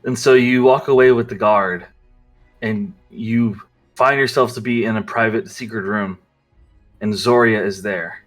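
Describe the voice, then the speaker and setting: A man's voice: on the low side, steady tone, measured pace, faint music behind. A man narrating as game master of a tabletop game, rambling with many fillers.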